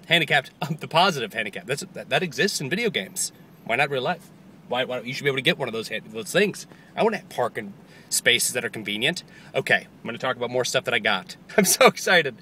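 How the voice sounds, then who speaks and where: A man vlogging casually outdoors, rambling excitedly about birthday gifts and giggling often. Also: medium pitch, slight background noise. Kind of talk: casual chat. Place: outdoors near a parking lot.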